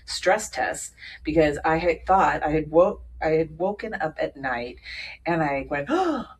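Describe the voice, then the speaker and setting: A woman in her fifties telling a personal story in casual conversation, animated, laughing often and acting out the voices of others. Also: sits low, measured pace, a little hiss or hum. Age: 50s. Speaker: guest sharing a personal story.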